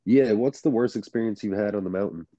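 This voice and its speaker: Deep, dark-voiced podcast guest. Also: male voice, quick pace, dry recording. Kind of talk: casual chat. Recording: dull muffled sound.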